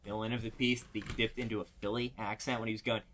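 A man co-hosting a podcast, talking about films in a chatty, rambling way and quick to joke. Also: lowish voice, level tone, fairly bright tone, a little hiss or hum. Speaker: podcast co-host. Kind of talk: casual film discussion.

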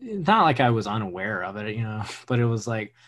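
A man's voice: on the low side, very animated, fairly quick, fairly bright tone. A man in casual music chat, hedging often with "like" and "you know".

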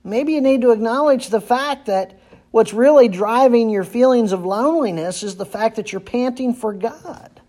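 A man's voice: very high voice, normal speed, dark tone. Earnest man preaching a sermon. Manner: earnest, repeats phrases for emphasis. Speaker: pastor.

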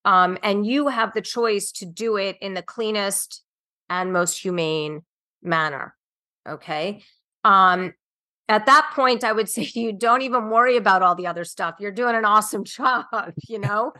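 A woman's voice: mid-range voice, unhurried, bright, forceful tone. A woman nutritionist speaking earnestly as a podcast guest, emphatic and dotted with "um" fillers. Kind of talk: podcast interview.

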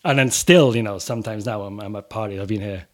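Laughing English man, low voice. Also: quick pace. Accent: Corby English mixed with Swedish, American and Welsh. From England. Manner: laughs often, loose and swearing. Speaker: podcast guest. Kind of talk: casual chat.

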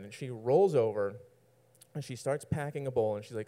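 A man's voice: mid-range voice, moderate pace, mellow. Brief: male storyteller, loose and rambling, self-mocking humor. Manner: rambling, self-mocking, laughs at his own lines. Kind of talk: personal story told to an audience.

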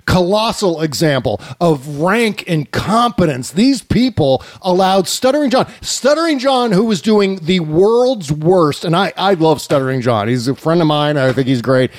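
Animated male podcast host, dry sound. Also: a little high, moderate pace, few pauses, dry recording. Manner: animated, incredulous storytelling with laughs. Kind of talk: casual chat.

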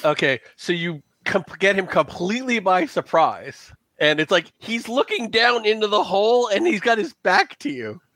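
A man's voice: high voice, expressive, moderate pace, hardly any pauses, fairly bright tone, no room sound. A man narrating as game master of a tabletop game in a loose, casual way with many fillers.

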